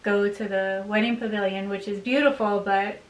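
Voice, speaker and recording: A woman vlogger chatting casually to the camera at home, upbeat and quick to laugh. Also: medium pitch, fairly even intonation. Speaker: vlogger, bride. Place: home room by a desk. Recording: roomy, distant mic with faint hiss.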